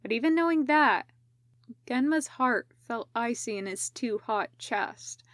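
Kobieta powoli czytająca opowiadanie. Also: female voice, a little high, lively intonation, a little slow, fairly bright tone, no room sound. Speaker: podfic reader. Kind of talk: audiobook narration of fan fiction.

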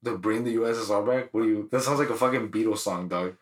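A man's voice: lowish voice, quick pace, echoey room. A man co-hosting a podcast, telling stories in loose, profane, slangy casual banter. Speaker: podcast co-host.

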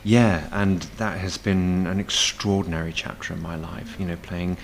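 A man's voice: sits low, steady tone, normal speed, vocal fry, slight background noise. A man, a stage performer, chatting as a guest in a casual cafe interview, rambling with many fillers and restarts.

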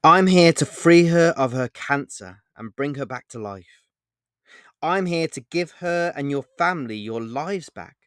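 A man reading a short story aloud, voicing a mysterious, sincere man in black who speaks in a calm, assured, gently insistent way. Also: mid-range voice, unhurried, no room sound, studio quality, pitched above the performer's own voice, close to an everyday voice.

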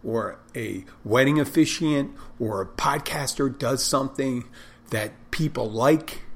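A man with a husky, rough-edged voice rambles through a casual monologue. He barks his words loudly, like a drill instructor, and keeps poking fun at himself. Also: on the low side. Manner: rambling, self-deprecating, loud barking delivery. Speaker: bartender and podcaster.

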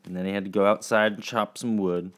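A man teaching children, telling a story in a chatty, halting way full of fillers. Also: lowish voice, steady tone, a bit bright.

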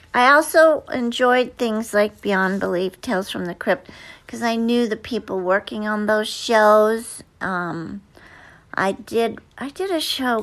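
A woman's voice: mid-range voice, fairly bright tone. A woman actress answering interview questions in a chatty, hesitant way with many fillers and restarts. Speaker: actress guest.

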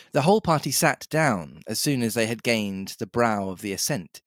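A man co-hosting a casual podcast, reading a novel aloud in a measured storytelling way. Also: medium pitch, no echo, studio quality. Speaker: podcast co-host and reader.

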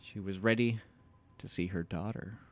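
A man's voice: on the low side, steady tone, normal speed. A man co-hosting a podcast, recapping a book with sarcastic jokes and swearing. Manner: sarcastic, swearing, jokey asides. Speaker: podcast co-host. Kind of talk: casual chat and recap reading.

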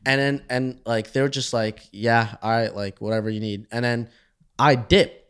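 A man's voice: mid-range voice, steady tone, moderate pace, clean tone. Man telling a rambling story. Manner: rambling, many restarts, trails off quietly. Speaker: podcast co-host. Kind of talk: casual storytelling chat.

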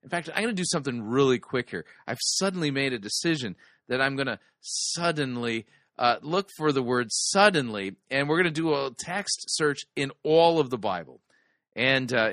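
A man's voice: mid-range voice, bright, forceful tone, dry recording, studio quality. Wisecracking man critiquing a sermon. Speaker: sermon review host. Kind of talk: critical commentary on a sermon clip.

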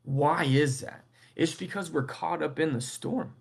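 A man's voice: on the high side, measured pace, creaky, breathy edge. A young adult man preaching a casual sermon, talking conversationally and often checking in with "right?". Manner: conversational, keeps asking "right?".

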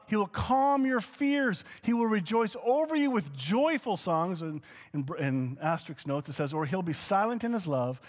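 A man preaching a conversational teaching sermon, animated, dropping to soft asides and rising to excited exclamations. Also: high-pitched, in a large hall. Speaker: pastor.

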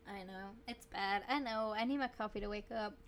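A woman's voice: medium pitch, a little fast. A young woman co-hosting a podcast, joking around casually. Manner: jokey, playful, says dude and y'all. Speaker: podcast co-host. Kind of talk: casual chat.

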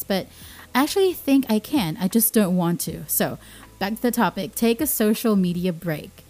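Young woman host, mellow warm voice, earnest, casual explainer delivery. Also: medium pitch, lively intonation, normal speed. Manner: earnest, repeats key points for emphasis. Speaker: podcast host. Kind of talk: casual informative talk.

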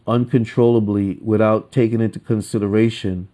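Male podcast host, low register, profane ranting monologue with flare-ups. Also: moderate pace. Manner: profane, ranting, swings from calm to heated.

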